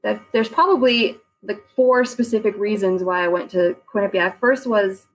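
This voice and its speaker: A woman's voice: mid-range voice, normal speed, soft background music, poor audio. A woman in her forties from Long Island, chatting as a podcast guest with easy laughs and many fillers. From Long Island, New York. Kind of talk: casual interview chat.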